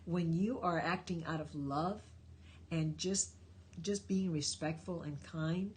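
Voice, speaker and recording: A woman's voice: on the low side, unhurried, a little mellow, a little hiss or hum. A woman hosting a live stream Q&A, answering viewers' questions with emphatic, encouraging life advice. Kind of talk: live stream Q&A, reading chat.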